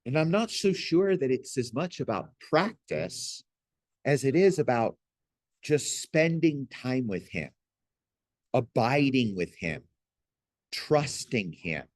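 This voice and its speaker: A man with a mid-pitched voice gives a spoken faith lesson in an earnest, pastoral way, reaching for homely examples. The sound is dry and close, with no room echo. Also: big pitch swings, slow pace. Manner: earnest, pastoral, folksy illustrations. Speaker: Christian teacher. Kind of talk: gentle spoken teaching.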